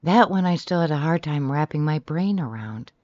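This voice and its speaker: An audiobook narrator reading a romance novel in the first person, animated and shifting pitch often from line to line. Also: normal speed, no room sound. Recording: slightly dull, dry recording.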